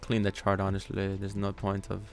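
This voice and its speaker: Playful, gravelly-voiced man streaming live. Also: low-pitched, completely flat delivery, normal speed, faint music behind. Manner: playful, rambling, thinking aloud. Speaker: livestream trading host. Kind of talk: casual live commentary.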